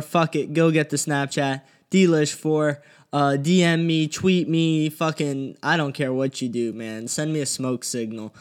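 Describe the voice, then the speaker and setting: A young man talks into a podcast mic in a loose, profane rant, his voice sitting a little high. He is blunt and heated, with swearing all through. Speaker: podcast host. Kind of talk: casual solo podcast rant. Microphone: studio podcast mic.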